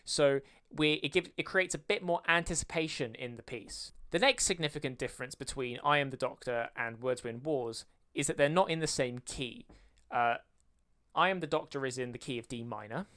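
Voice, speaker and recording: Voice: mid-range voice, normal speed, fairly bright tone. A video creator explaining music theory in a lesson, counting beats aloud and singing rhythms to show them. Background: faint music playing.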